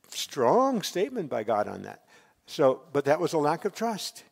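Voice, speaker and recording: A man delivers a sermon from the pulpit, his voice a little high for a man. He preaches expressively, rising to loud emphasis and sinking to near-quiet. A long reverb hangs on his words in the hall. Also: unhurried. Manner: expressive preaching, swells loud and drops soft. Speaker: pastor.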